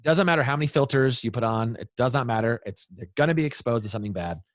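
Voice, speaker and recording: A man's voice: medium pitch, expressive, fast, dry recording. A man in his thirties, a guest speaking to parents in an interview, talking with energy and acting out what kids say. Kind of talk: animated interview talk.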